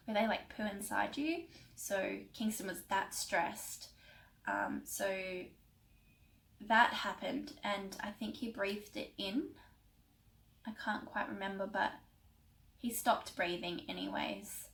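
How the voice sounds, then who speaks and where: A young woman in a casual vlog, recounting a personal story. Her voice sits at an ordinary middle pitch, and she speaks with emotion, wandering through many fillers and restarts. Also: slow pace, gravelly, pauses often, low-quality recording. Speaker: vlogger.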